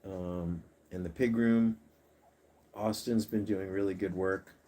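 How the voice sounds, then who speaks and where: Chatty man with a low voice. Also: fairly even intonation, slow, warm tone. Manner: coaxing, chatty, talks to his pets and reads viewer comments. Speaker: pet channel host. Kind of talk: casual livestream chat.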